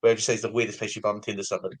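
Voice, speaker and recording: Fast-talking rambling host. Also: male voice, on the low side, level tone, breathy edge. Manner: rambling, friendly, many fillers. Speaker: podcast host. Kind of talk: casual podcast interview.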